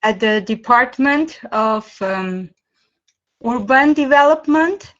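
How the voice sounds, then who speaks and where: Slow, hesitant woman. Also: on the high side, animated, a bit bright, dull audio. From Armenia. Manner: hesitant, searching for words. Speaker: language student.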